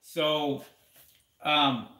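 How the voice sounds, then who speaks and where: A man's voice: on the high side, flat delivery, drawn-out words, bright, forceful tone, reverberant. A man hosting a casual live question-and-answer stream, rambling and repeating words as he talks straight to his viewers. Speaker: livestream host answering seller questions.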